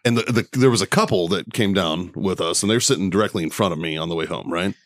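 A man's voice: deep voice, fast, no echo, studio quality. A man in his thirties from the United States, co-hosting a podcast and telling crude, profane stories with lots of laughter. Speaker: podcast co-host. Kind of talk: crude storytelling banter.

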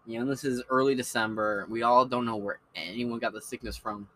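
A man's voice: medium pitch, steady tone, brisk, pushed and bright, low-quality recording. A man hosting a podcast, rambling in a casual, profane, opinionated monologue. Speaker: podcast host.

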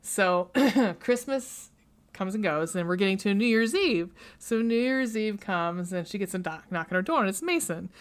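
A woman's voice: mid-range voice, animated, normal speed. A woman hosting a podcast, casually retelling a movie plot in a rambling, chatty way with many fillers, into a studio mic. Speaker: podcast host.

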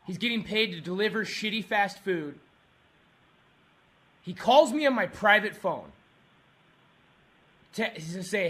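A man on a prank call, ranting furiously, swearing and shouting at the person on the line. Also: high voice, animated, unhurried, pauses often. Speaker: prank caller.

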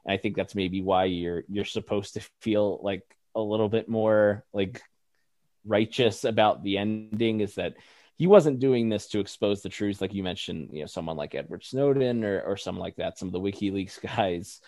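A man with a fairly low voice co-hosts a review podcast in easy, chatty talk. He laughs often and leans on fillers, and the sound is close and dry. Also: moderate pace, a little mellow, no echo. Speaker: podcast co-host. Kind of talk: casual review chat.

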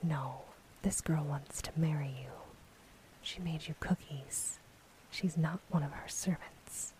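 A woman's voice: sits low, slow, a little mellow, rough recording. A woman whispering the lines of a stern, scolding royal mother in a whispered role-play storybook reading.

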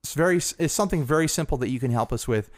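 A man's voice: fairly high pitch, lively intonation, quick pace, no room sound, clean studio sound. A man co-hosting a podcast in casual chat, talking earnestly and rambling with restarts. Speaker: podcast co-host.

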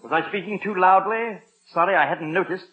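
An actor with an English accent playing a nervous, prim butler who stammers and chuckles to himself. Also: male voice, sits high, fairly quick, sharp tone. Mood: flustered. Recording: dull old radio recording.

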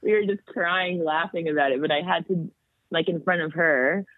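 A woman guest on a podcast, chatting casually and telling stories in an animated way. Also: fairly low pitch, normal speed. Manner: animated storytelling. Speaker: guest, metal vocalist. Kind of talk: casual chat. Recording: tinny phone-like sound, dry.

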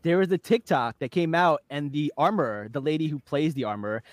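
A man hosting a casual podcast chat, talking excitedly with quick asides. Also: on the high side, dry recording. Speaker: podcast host.

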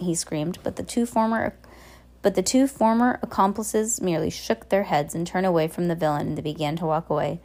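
A woman reads a novel aloud in a plain, unhurried way. Her voice is fairly low, with a mellow, dark tone. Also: steady tone. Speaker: reader.

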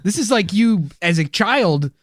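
A man co-hosting a comedy podcast, brash and jokey in rapid-fire silly banter. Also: sits high, expressive, no echo, clean studio sound. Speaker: podcast co-host.

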